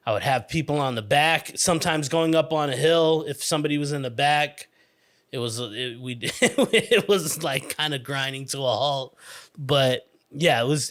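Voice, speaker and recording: A man hosting a podcast, telling a childhood story in a rambling, profane, animated way. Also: medium pitch. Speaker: podcast host. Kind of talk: casual storytelling monologue.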